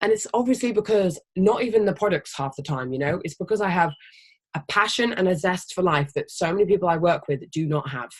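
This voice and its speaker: Team leader, casual motivational training talk; emphatic, energetic, swears freely, mid-pitched. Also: husky. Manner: animated, energetic. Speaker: team leader of a health business.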